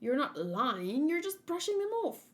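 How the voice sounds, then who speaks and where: A woman's voice: high voice, sing-song, measured pace, a bit bright, pitched above the performer's own voice, heavily acted. A woman voicing a protective merman prince, an older brother who talks formally and earnestly. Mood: scolding.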